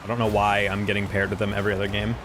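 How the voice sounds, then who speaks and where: A man's voice: on the low side, completely flat delivery, very fast, background noise. A young man streaming a game, chatting casually with his viewers and ranting about teammates with slang and swearing. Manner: laid-back, ranting with profanity and slang. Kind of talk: casual gameplay commentary to chat.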